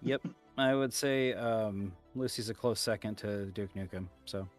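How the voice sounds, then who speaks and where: A man's voice: fairly low pitch, a little slow, faint music behind. A man chatting on a podcast, rambling and joking, trailing off with fillers. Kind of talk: casual chat.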